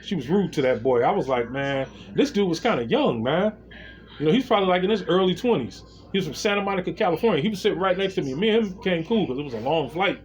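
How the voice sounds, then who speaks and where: A man talking straight to camera in a loose, unscripted monologue, his voice sitting a little high for a man and swinging up and down as he tells his story. He swears freely and keeps turning to his viewers to address them directly. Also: animated, racing, hardly any pauses. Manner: talks straight to viewers as "y'all". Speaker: vlogger.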